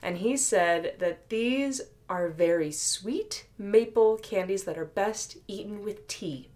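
A woman's voice: medium pitch, takes it slowly, darkish tone. A woman co-hosting a podcast in casual chat, with a dry, teasing sense of humor. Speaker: podcast co-host.

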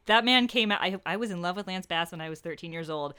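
A woman's voice: on the low side, fast, sharp tone, clean tone. A woman in her thirties co-hosting a podcast, talking frankly and crudely with dry jokes. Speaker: podcast co-host. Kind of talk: casual chat.

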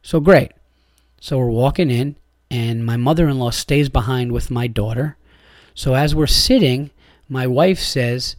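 A man's voice: medium pitch, measured pace, no room sound, studio quality. Profane ranting man telling a story. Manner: profane, ranting, full of fillers and restarts. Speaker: podcast host. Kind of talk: casual storytelling monologue.

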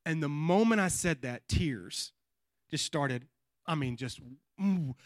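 A male pastor preaching a sermon in church, telling a family story with lively animation and often dropping to a hush before building up to a shout, with repeated asides like "watch this.". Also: fairly high pitch, takes it slowly, dry recording, studio quality. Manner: repeats catchphrases like "watch this" and "you know what I mean".

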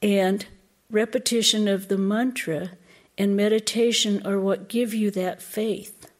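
A woman's voice: mid-range voice, fairly even intonation, measured pace, a little mellow. A woman giving a reflective spiritual talk as a lecturer, thoughtful and searching for words as she goes.

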